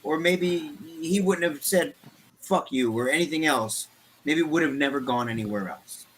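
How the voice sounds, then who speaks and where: A man's voice: on the high side, moderate pace, fairly bright tone, breathy edge, low-quality recording. A man co-hosting a casual podcast chat and asking probing questions. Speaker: podcast co-host.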